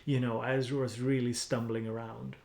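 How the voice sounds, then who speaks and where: A man's voice: medium pitch, little pitch movement, normal speed, creaky, reverberant, noisy background. A man with a Swedish accent chatting casually on a music-production live stream, rambling with lots of fillers and restarts while he edits samples. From Sweden.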